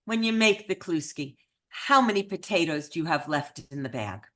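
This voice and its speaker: A woman voicing a calm adult daughter who asks gentle, coaxing questions. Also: lowish voice, normal speed, lightly acted. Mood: patient.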